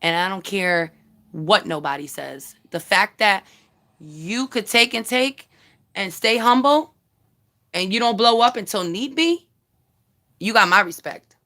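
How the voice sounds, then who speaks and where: A woman's voice: mid-range voice, animated, measured pace, pauses often, bright, forceful tone. A woman vlogger ranting bluntly and heatedly on a casual live stream, swearing freely and talking straight to her viewers. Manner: chats directly with viewers. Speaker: YouTube commentary vlogger.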